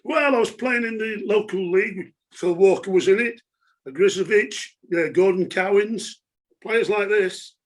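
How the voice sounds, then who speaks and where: A middle-aged man from England, guesting as a former footballer, speaks in a high-sitting voice at a measured pace. He chats casually about his football career, laughing and leaning on many filler words.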